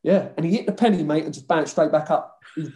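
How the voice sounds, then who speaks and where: A man with a London accent tells old football stories at full tilt. His voice sits a touch high, and he swears and laughs his way through the tales. The room around him is roomy and echoey. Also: quick pace. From London (Hackney). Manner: animated storyteller, swears freely, laughs often. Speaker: former footballer guest. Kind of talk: casual podcast chat.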